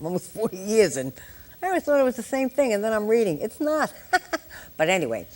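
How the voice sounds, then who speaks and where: An older woman in her sixties leads a live exam-prep lecture for nurses. She teaches with a steady stream of jokes and chatty asides to the class. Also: a little high, brisk. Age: 60s. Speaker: nurse educator.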